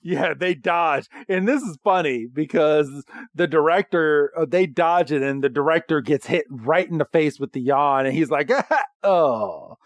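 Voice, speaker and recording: A man co-hosting a podcast, casually recapping a cartoon episode in a rambling, halting way. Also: on the high side, no room sound. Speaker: podcast co-host.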